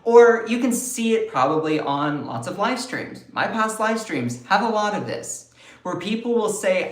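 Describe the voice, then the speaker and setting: A man's voice: sits high, animated, moderate pace. Emphatic Southern US man, roomy sound. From Southern United States. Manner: emphatic, repeats and restarts phrases. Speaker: live-stream commentator. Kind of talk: live-stream political commentary.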